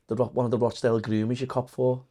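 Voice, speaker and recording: A man hosting a podcast interview in casual, sweary talk, often chiming in with quick agreement. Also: medium pitch, little pitch movement, dark tone, husky. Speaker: podcast host.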